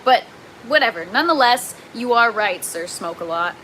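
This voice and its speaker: A young adult woman with a Canadian accent, hosting a gardening livestream in an excitable, chatty way and reading viewer comments aloud. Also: fairly high pitch, a little hiss or hum, rough recording. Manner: excitable, chatty, quick to laugh.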